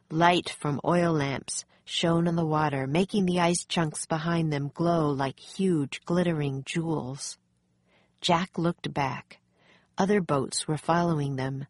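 A woman narrating a children's storybook in a calm, measured way. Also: sits low, dry recording, studio quality. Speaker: audiobook narrator.

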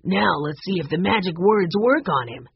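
Audiobook: steady teenage boy, calm lead, woman reading. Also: fairly low pitch, moderate pace, gravelly, breathy edge, dry recording, dull audio, heavily acted. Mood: confident. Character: confident teenage older brother.

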